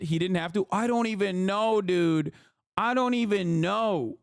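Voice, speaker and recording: A man's voice: high voice, a little slow, creaky, clean tone, dry recording, clean studio sound. A man in his thirties, a streamer giving casual, profane, exasperated commentary on news.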